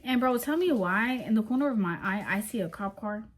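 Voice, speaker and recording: A young woman vlogger tells a story straight to her viewers in a casual storytime style, animated and packed with slang. Her voice is mid-range and her delivery brisk.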